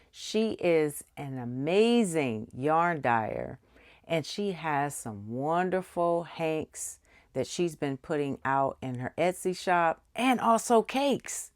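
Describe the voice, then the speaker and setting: A woman's voice: fairly low pitch, no echo. A woman crochet vlogger unboxing yarn, gushing with gasps and squeals. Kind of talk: unboxing vlog.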